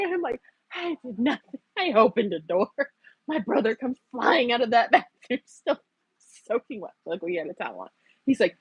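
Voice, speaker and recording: A woman's voice: high voice, sing-song, fast, no echo, lo-fi sound. A young woman hosting a casual stream, telling stories and laughing often. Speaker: streamer host. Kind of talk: casual chat. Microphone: earbuds.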